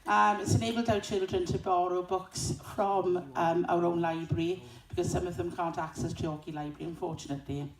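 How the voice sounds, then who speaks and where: A woman's voice: lowish voice, steady tone, a little fast, few pauses. A woman thanking a fund on behalf of a school, hesitant and correcting herself. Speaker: school representative. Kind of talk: short speech at a community event. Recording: echoey hall from far off, faint noise.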